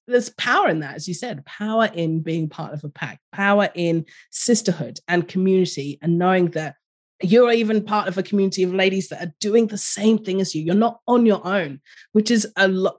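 A woman from London with a London accent, a business coach talking as a podcast guest, animated and laughing often. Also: fairly low pitch. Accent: London English. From London, England. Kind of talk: casual podcast conversation.

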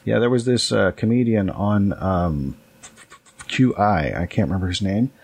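A man's voice: on the low side, measured pace, creaky, darkish tone, breathy edge. A man co-hosting a casual podcast, chatting with hesitant fillers. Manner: chatty, hesitant, often says "uh". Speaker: podcast co-host. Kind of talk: casual chat.

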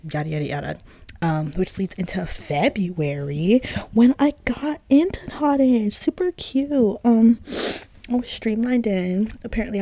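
Young woman, slangy chatty storyteller, low husky voice with gravel, dry close sound. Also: dark tone, dry recording. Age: young adult. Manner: chatty, slangy, full of "like" fillers, laughs at herself. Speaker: podcast host. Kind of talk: casual storytelling monologue.

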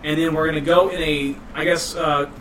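A high, bright man's voice runs a family party game, rattling off the rules quickly between laughs. He sounds a bit off-mic, with faint household noise behind him on a home video. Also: level tone, recorded from a distance. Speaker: game explainer. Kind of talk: casual family game night.

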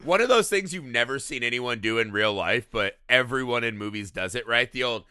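A man's voice: medium pitch, lively intonation, fairly quick, sharp tone, clear, resonant tone, dry recording, clean studio sound. A man co-hosting a casual movie podcast, throwing in wry questions and asides. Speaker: podcast co-host.

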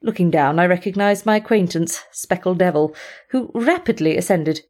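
A woman narrating a storybook in a measured, formal first-person reading. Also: lowish voice, lively intonation, darkish tone. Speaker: audiobook reader.

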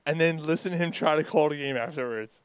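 A man hosting a casual sports podcast with friends, laughing often and firing off quick asides. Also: a little high, clear, resonant tone. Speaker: podcast host.

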